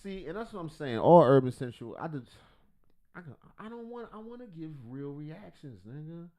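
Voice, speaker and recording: A man's voice: a little high, animated, normal speed. A man hosting a livestream, reacting to videos with rambling, profane, joking commentary. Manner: profane, rambling, jokey, loud swings in volume.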